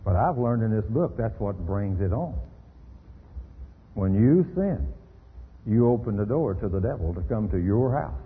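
A middle-aged man preaching an animated radio sermon, full of rhetorical questions. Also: on the low side, husky. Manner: animated, rhetorical questions, acts out quoted voices. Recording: tinny phone-like radio broadcast with reverb.

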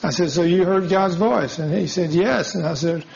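Preacher guy, fairly high voice, folksy storytelling sermon, muffled lo-fi sound. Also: normal speed, vocal fry, a little mellow, slight background noise. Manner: tells stories acting out dialogue, folksy. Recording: dull lo-fi sound.

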